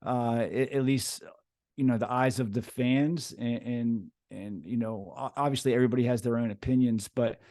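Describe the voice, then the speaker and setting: A man's voice: medium pitch, steady tone, moderate pace, dark tone, dry recording, studio quality. A middle-aged man from the United States, a podcast host appearing as a guest, chatting casually with frequent stammers and jokes. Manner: stammering, laid-back, joking.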